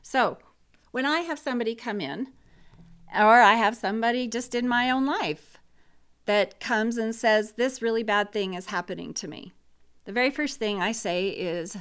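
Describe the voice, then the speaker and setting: Blunt woman with a smooth voice. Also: on the high side, normal speed, a bit bright. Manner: blunt and opinionated. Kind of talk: casual talk on grief.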